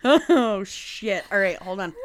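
A woman co-hosting a casual chat, swearing freely and fighting off laughing fits while trying to get back on track. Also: on the high side. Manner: giggly, swears freely, keeps trying to refocus. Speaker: podcast co-host.

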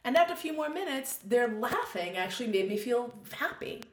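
A woman telling a candid personal story in a conversation, expressive and quick to swear, acting out her own thoughts as she goes. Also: a little high, echoey room, slight background noise. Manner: expressive, swears freely, acts out quoted thoughts. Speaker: guest.

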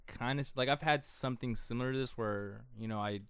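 A man's voice: medium pitch, quick pace, fairly bright tone, clean tone, no echo, studio quality. A man co-hosting a podcast, talking about a film in a hesitant way, often stopping and starting again. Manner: hesitant, many restarts. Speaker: podcast co-host. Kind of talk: casual film discussion.

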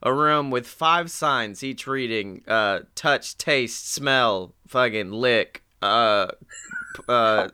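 A man's voice: medium pitch, slow, sharp tone, clean tone. A tired young man co-hosting a podcast, rambling and jokey with casual swearing. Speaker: podcast co-host. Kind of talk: casual chat.

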